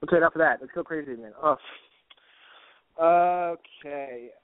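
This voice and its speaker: A male podcast co-host reads odd news stories and keeps cracking crude, profane jokes. His voice sits a little high. It comes through thin and dry, like a phone call. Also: very fast, no room sound. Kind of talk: casual comedic podcast chat.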